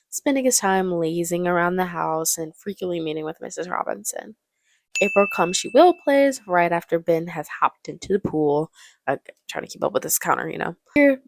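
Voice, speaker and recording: A woman's voice: lowish voice, gravelly, no room sound, studio quality. A young woman giving casual, joking movie commentary, laughing often.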